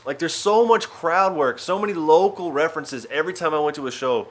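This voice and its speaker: A male comedian from Arkansas, telling travel stories in casual, animated vlog narration. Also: fairly high pitch, brisk, few pauses. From Arkansas, USA. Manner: chatty, animated storytelling with filler words.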